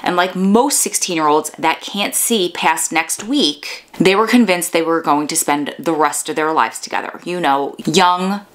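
A woman with a New York accent tells a true crime story like she is chatting with friends. She keeps stepping aside from the case to joke with her viewers. Her voice sits a little low for a woman. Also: unhurried, few pauses. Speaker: true crime podcast host.

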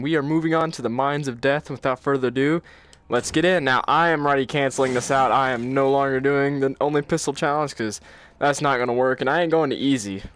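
A man's voice: medium pitch, a bit bright, clear, resonant tone. A man hosting a gaming channel, giving let's-play commentary while nervous, jumpy and laughing often.

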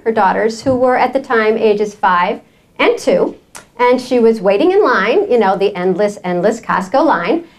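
New York woman, high lively voice, joking guest lecturer, dry sound. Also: dry recording. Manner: animated, joking storyteller. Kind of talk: humorous lecture. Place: college lecture hall.

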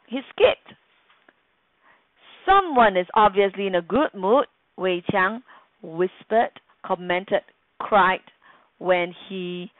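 A woman's voice: medium pitch, dry recording. A woman teacher with a Singaporean English accent, patiently quizzing students in a recorded grammar lesson. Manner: patient, quizzing the class, acting out quoted lines. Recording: tinny phone-like dry sound.

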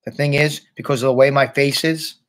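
A man's voice: mid-range voice, steady tone, brisk, a bit bright. A man reading a novel aloud in the first person, adding a few casual asides of his own. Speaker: reader.

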